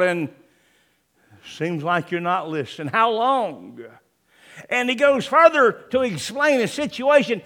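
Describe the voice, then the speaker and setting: A man preaching a sermon, swinging between loud emphatic lines and hushed ones, and reading scripture in old-fashioned wording. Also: high-pitched, lively intonation, slow pace, long pauses. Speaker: pastor.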